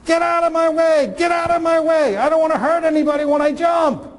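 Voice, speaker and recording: A man's voice: on the high side, very animated, brisk, dark tone. A man voicing a distraught teenage schoolboy who threatens to jump, pleading and stammering in despair. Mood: frantic yelling.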